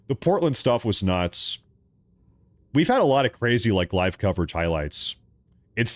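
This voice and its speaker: This political livestream host from Oregon has a lowish voice, and the recording is dry. He reads chat messages from viewers, rants animatedly, and jokes and laughs a lot in between.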